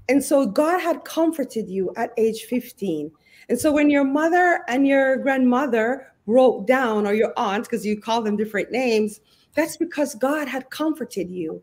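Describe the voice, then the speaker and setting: A woman hosts a faith-based talk show with a slightly raised pitch. She speaks in an encouraging, preacherly tone and quotes scripture directly to the audience. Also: lively intonation, normal speed, darkish tone. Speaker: host.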